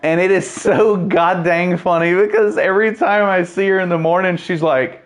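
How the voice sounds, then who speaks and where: A man's voice: high voice, steady tone, normal speed. A man giving casual, rambling gameplay commentary, joking and laughing at his own jokes. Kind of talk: casual let's-play chat.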